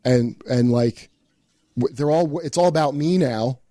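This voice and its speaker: A man's voice: medium pitch, measured pace, warm tone, no echo. A man in casual podcast chat, telling a story in a rambling, profane way with many restarts.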